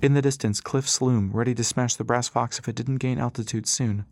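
A man narrating an adventure audiobook in a steady storytelling read. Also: mid-range voice, fairly quick, creaky, no room sound. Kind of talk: scripted narration.

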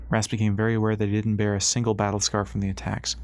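A man narrating an audiobook chapter in a steady, even reading. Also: on the low side, fast, creaky, hardly any pauses, no room sound, studio quality. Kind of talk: scripted narration.

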